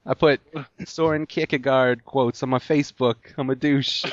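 A man's voice: medium pitch, normal speed, no room sound. A man telling a long story in casual chat, rambling with lots of "like" fillers. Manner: rambling, heavy use of "like". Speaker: podcast co-host telling a story. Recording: dull lo-fi sound.

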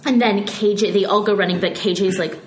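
A woman co-hosting a podcast, recapping a show scene by scene in an animated, giggly way. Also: mid-range voice, a little fast. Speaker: podcast co-host. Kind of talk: casual recap chat. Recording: echoey room.

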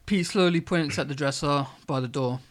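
A man reading his comedy script aloud in a low, hesitant voice with many fillers, then chatting about it. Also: moderate pace.

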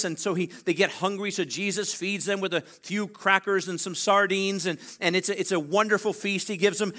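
A male pastor preaching a sermon, animated, with drawn-out emphasis and calls for the congregation to read along. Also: high voice.

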